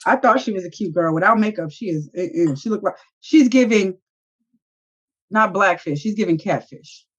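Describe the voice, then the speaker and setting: A woman, co-hosting a casual reality-show review and retelling scenes with sassy, animated asides. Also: mid-range voice, normal speed, husky. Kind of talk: casual chat. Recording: dull lo-fi audio.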